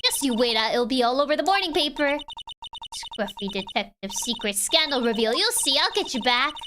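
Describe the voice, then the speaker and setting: A woman's voice: high-pitched, expressive, brisk, background noise. A woman voicing a pushy tabloid reporter from a game with a put-on Southern US accent, brash and feisty.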